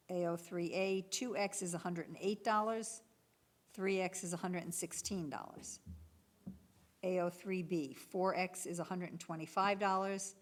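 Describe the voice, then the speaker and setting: Item codes and bid prices are read out by a woman working as a municipal clerk at a public bid opening. She keeps a steady, businesslike manner, and her pitch is fairly low.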